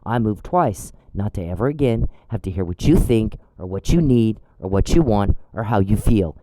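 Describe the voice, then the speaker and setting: Dark-voiced guy ranting and scolding someone, lots of swearing, dry close sound. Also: on the low side, animated, normal speed, no echo, low-quality recording. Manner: blunt, scolding, profane. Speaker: channel host. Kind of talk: angry direct address monologue.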